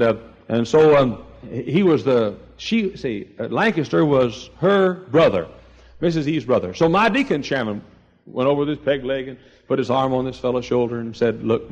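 An older man preaching a sermon, telling folksy stories and swinging between quiet asides and loud, high exclamations. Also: gravelly, highs cut off. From East Texas. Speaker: pastor.

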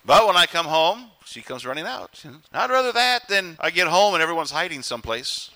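A man preaching to his congregation with a bright, slightly high voice. He moves between firm teaching and playful acted-out quotes, keeping the delivery lively. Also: brisk. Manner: animated preaching, acts out quotes. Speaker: pastor. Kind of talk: sermon.

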